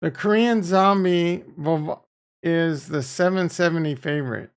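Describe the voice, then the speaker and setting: Man, crypto livestream host, gravelly voice, loose profane rambling, chatting with viewers. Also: a little high, measured pace. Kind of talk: casual livestream chat reading viewer comments.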